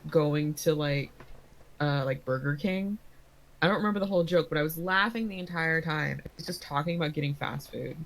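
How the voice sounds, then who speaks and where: Casual-chat woman, very low voice, giggly and chatty. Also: low-quality recording. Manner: giggly, chatty, lots of fillers. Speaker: tabletop game player.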